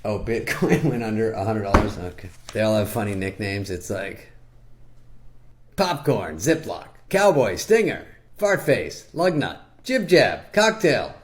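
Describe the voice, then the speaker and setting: A comedian in his later years delivers a loose, sarcastic monologue. His voice sits fairly low, with dry, deadpan timing. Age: older. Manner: sarcastic, deadpan riffing with high-pitched impressions.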